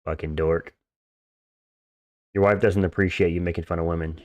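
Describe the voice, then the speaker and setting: A man with a low voice live-streams fights, speaking at normal speed with fairly even intonation and no echo. He reads chat questions aloud and answers them casually but bluntly, with crude, dismissive jokes.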